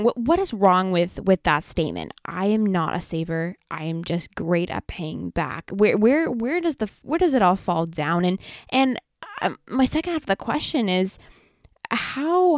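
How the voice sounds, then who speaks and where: A woman's voice: medium pitch, no room sound, studio quality. A woman co-hosting a money podcast, reading the introduction and then asking her co-host questions with some restarts.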